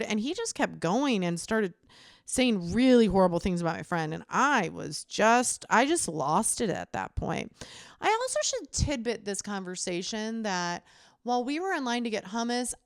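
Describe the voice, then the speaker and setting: A young adult woman co-hosting a podcast, animated and profane as she tells a story in casual chat. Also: fairly high pitch, no echo, clean studio sound. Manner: animated, swearing, laughs while telling. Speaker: podcast co-host.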